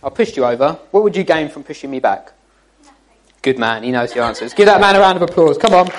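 A man's voice: on the high side, expressive, fast, slight background noise, poor audio. A man giving an informal, jokey church talk to young people, teasing his listeners as he goes. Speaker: youth speaker.

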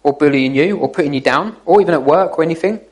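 A man's voice: fairly high pitch, quick pace, darkish tone, rough recording. A man giving an informal, jokey church talk to young people, teasing his listeners as he goes. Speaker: youth speaker.

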